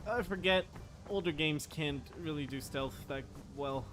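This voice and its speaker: A young man commentates his gameplay in a bright, slightly high-pitched voice, drawn out and unhurried. He stays flustered, tossing out exclamations as things go wrong. Faint music plays underneath. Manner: flustered, frequent exclamations, yelps in panic. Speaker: gameplay streamer.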